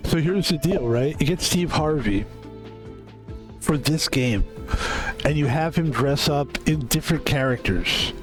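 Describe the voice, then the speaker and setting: A man's voice: fairly high pitch, lively intonation, a little slow, faint music behind. Joking, foul-mouthed male streamer. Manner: loose, joking, swears a lot. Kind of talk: casual gameplay commentary.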